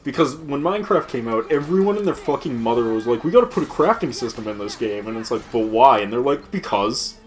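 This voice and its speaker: A man's voice: mid-range voice, very animated, fast talker, few pauses, soft background music. A man hosting casual gaming commentary, ranting with plenty of swearing and laughter while mimicking other people's lines. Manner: profane ranting, laughs often, mocks quoted voices. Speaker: let's play host.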